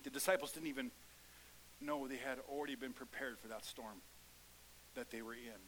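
A man preaching a sermon in a church, swinging between hushed lines and loud, fervent calls. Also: mid-range voice, fairly even intonation, normal speed, slight background noise, low-quality recording.

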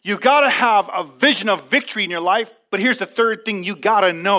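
An energetic male pastor preaching in church with a high, bright voice. He talks emphatically and leans on call-and-response. The delivery stays lively and direct. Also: a little fast, hardly any pauses. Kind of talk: sermon.

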